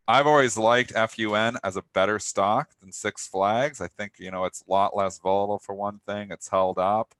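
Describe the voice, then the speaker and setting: Male co-host, lowish voice, sarcastic and opinionated, close dry mic. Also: a bit bright, no echo. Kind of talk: live trading talk show banter.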